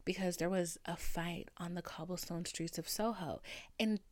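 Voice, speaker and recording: A woman in her twenties, a podcast host telling a story in casual talk. She swears freely and swings from hushed whispers to loud ranting. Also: on the low side, fairly even intonation, moderate pace, dry recording. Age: 20s.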